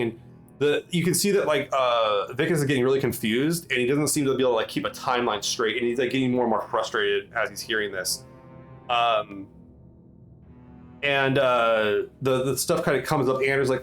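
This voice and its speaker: A man's voice: medium pitch, fairly bright tone, poor audio. Male game master, casual tabletop narration, hesitant and full of fillers, faint music underneath. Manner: halting, full of ums and restarts.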